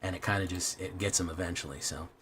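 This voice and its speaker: Low-voiced man chatting on a stream. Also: fairly even intonation, fast, a bit bright, slight background noise. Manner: rambling, self-deprecating, swears often. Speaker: streamer playing a card game. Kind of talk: casual live-stream chat.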